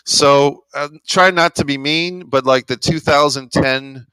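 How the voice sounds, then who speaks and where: A man's voice: a little high, unhurried, pushed and bright, rough recording. A man co-hosting a podcast, rambling through stories in a laid-back, casual way with lots of fillers. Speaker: podcast co-host. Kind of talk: casual chat.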